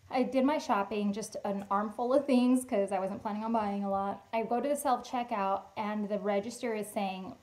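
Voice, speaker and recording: A woman's voice: mid-range voice, rough recording. A woman vlogger casually telling personal stories, acting out the voices of the people she met. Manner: chatty, animated retelling with quoted dialogue. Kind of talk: casual storytime chat.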